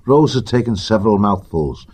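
Deep husky man narrating a story. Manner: measured, even storytelling. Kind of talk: audiobook narration.

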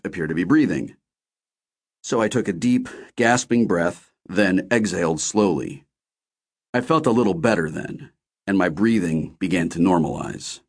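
A man narrating a novel in the first person with expressive storytelling. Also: low-pitched. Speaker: audiobook narrator.

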